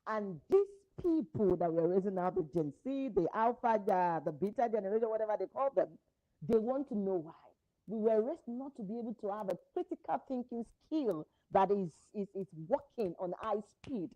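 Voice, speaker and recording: A woman's voice: medium pitch, expressive, moderate pace, dark tone, lo-fi sound. A woman giving an earnest motivational talk to parents as a parenting coach, repeating her phrases for emphasis.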